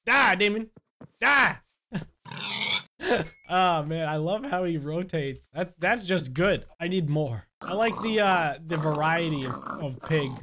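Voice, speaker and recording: A young man giving excitable gameplay commentary, laughing often and yelling at the mobs. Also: a little high, measured pace, slight background noise. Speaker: gaming YouTuber.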